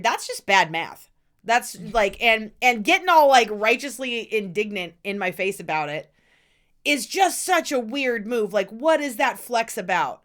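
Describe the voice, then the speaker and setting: A woman's voice: mid-range voice, very animated, moderate pace, fairly bright tone. A middle-aged woman co-hosting a casual podcast, venting bluntly with plenty of swearing and mock outrage. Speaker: podcast co-host. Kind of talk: casual ranting chat.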